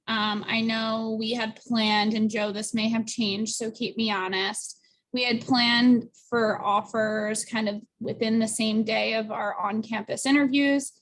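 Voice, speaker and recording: A woman recruiter answers panel questions in a relaxed, chatty way, with fillers and quick asides. Her voice sits a little high. She comes through a video call.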